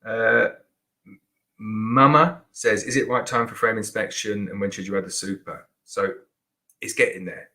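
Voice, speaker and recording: Low-voiced man chatting about beekeeping. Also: steady tone, a little slow, pushed and bright, low-quality recording. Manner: chatty, rambling, frequent restarts and "like" fillers. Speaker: beekeeper host answering viewer questions. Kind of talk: casual live Q&A chat.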